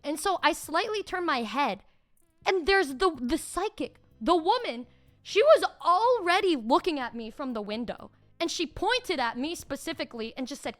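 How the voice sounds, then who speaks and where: A woman's voice: high voice, animated, moderate pace, a bit bright. A woman streamer telling a story casually and animatedly, swearing and laughing often.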